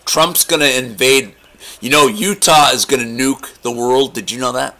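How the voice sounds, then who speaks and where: A man making a prank call, rambling and joking in a deadpan way. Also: medium pitch, normal speed. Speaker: comedy prank caller.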